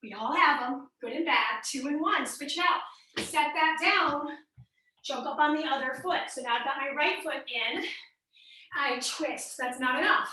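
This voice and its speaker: An upbeat woman fitness instructor with a light Midwestern American accent leads a workout class, encouraging people as she exercises. Her voice sits high and sounds pushed and bright at a measured pace, recorded from a distance in a very echoey room with slight background noise.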